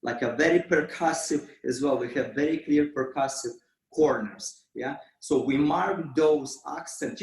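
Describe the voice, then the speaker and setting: Slow-talking dance teacher in an echoey studio. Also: male voice, fairly high pitch. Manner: counts beats with vocal sounds. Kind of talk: dance class instruction. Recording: roomy, from far off.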